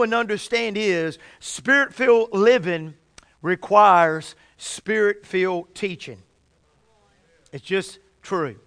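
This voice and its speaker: A fervent male preacher with a high, smooth, resonant voice. He often restarts his phrases and stretches his key words slowly. The sound is close and dry. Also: bright, forceful tone, no echo. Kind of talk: sermon.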